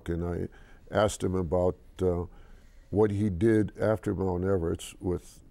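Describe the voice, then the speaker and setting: A low, gravelly older man tells a long story in a TV interview. His voice is dark and mellow. He stumbles and restarts, then acts out the voices of the people in it. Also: measured pace. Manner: animated storyteller, hesitant with restarts. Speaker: interview guest, company chairman.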